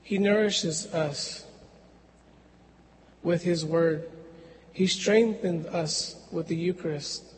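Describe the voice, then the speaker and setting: A man preaching a sermon in a slow, measured way with long pauses, in a church. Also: fairly high pitch, long reverb tail, a little hiss or hum, rough recording.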